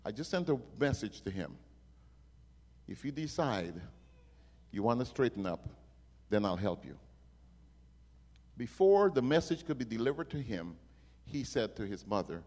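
A man preaching a sermon, telling stories dramatically and swinging from hushed lines to loud ones. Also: mid-range voice, very animated, unhurried, pauses often. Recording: long reverb of a hall.

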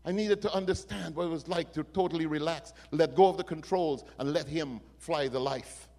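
A man's voice: a little high, moderate pace. Preacher man in an echoing hall. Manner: dramatic storytelling, swings from hushed to loud. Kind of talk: sermon. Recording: long reverb of a hall.

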